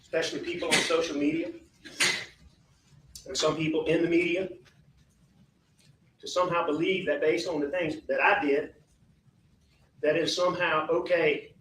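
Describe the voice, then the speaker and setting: A man speaking slowly and haltingly as a defendant in a courtroom, repeating his apologies in a formal statement. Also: a little high, fairly even intonation, a bit bright. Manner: slow, halting and repetitive, apologetic. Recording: echoey distant courtroom audio.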